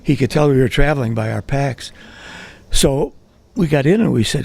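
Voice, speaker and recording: Gravelly, husky male storyteller. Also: medium pitch, animated, normal speed, darkish tone. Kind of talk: live personal storytelling. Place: live event at a writers' center.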